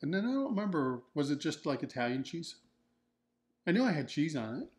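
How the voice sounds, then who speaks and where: A man with a somewhat high, sing-song voice speaks briskly as co-host of a couple's keto vlog. Nursing a broken ankle, he keeps the casual chat joking and rambling.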